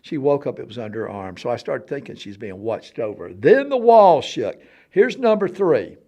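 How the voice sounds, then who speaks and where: A man telling a personal story in casual conversation, dropping to a hush and then booming out sound effects, laughing often. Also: moderate pace, lo-fi sound. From Alabama. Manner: animated, swings from hushed to loud for sound effects, laughs often. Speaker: storyteller guest on a talk show.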